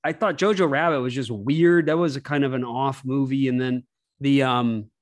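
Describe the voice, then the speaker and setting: A man's voice: medium pitch, fairly even intonation. A man in casual podcast chat who rambles and stumbles over his words. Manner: rambling, halting, swears freely. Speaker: podcast guest.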